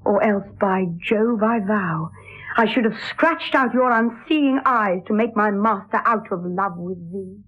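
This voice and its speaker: A woman's voice: medium pitch, a little slow, natural voice. An actress playing a lovelorn young noblewoman disguised as a boy page, speaking verse in an earnest, wistful way in an old radio play. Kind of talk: 1960s radio drama verse acting. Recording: tinny lo-fi 1960s radio broadcast.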